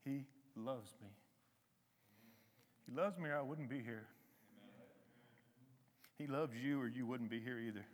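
A man preaching a conversational sermon to a congregation, with emphatic rises and a soft, slow hymn. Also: mid-range voice, in a large hall. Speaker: lay preacher. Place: church hall.

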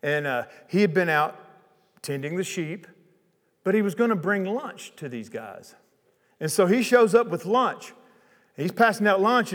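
A man preaching a sermon, retelling a Bible story in a casual, lively way with chatty asides. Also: sits high, in a large hall.

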